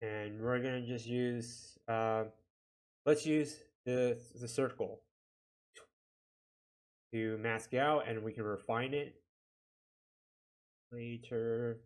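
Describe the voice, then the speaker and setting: Slow-talking man walking through an edit. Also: mid-range voice, fairly even intonation. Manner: chatty, talks himself through each click, self-deprecating. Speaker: video editing instructor. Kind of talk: casual screen-recorded software tutorial.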